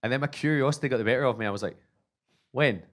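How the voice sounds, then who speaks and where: A Scottish man in his thirties doing stand-up, telling an animated, self-mocking story and acting out both sides of the conversations. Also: medium pitch, rapid-fire. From Scotland. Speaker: stand-up comedian.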